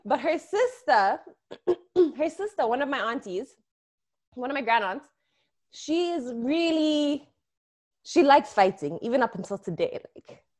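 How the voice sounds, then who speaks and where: A woman's voice: high voice, big pitch swings, a little slow, long pauses, darkish tone. A young woman co-hosting a podcast, telling stories in casual chat, swearing freely and laughing often. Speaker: podcast co-host.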